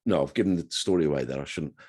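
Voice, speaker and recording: A man's voice: a bass voice, rapid-fire, darkish tone, slightly rough. A man in his sixties, a guest telling chatty, self-deprecating stories in a casual interview. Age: 60s.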